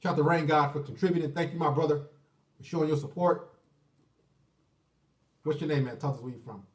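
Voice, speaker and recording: A man in his thirties hosts a casual call-in live stream, bluntly and profanely urging callers to talk. His voice is fairly high, steady and slightly darkish, a little fast, and picked up off-mic from a distance in an echoey room.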